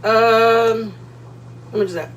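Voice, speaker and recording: A woman hosting a casual cooking livestream from her home kitchen, chatty and playful, greeting viewers by name with loud excited bursts. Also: on the high side, takes it slowly, slight background noise, rough recording.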